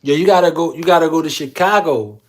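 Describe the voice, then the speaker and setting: A man's voice: fairly high pitch, quick pace. A man hosting a casual livestream, reading viewer comments aloud in a slangy, laid-back way. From Philadelphia. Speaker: livestream host.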